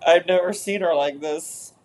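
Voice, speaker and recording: A woman therapist narrating an inner therapy session in a soft, hesitant way, with many fillers. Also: fairly low pitch, normal speed, a little hiss or hum.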